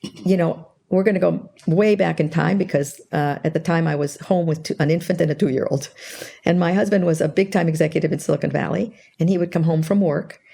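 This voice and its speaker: A woman's voice: low voice, fairly quick, creaky, breathy edge. An older woman explaining a communication model in an interview, telling stories and acting out the dialogue in them. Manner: animated storyteller, acts out quoted dialogue. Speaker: guest expert on interpersonal skills.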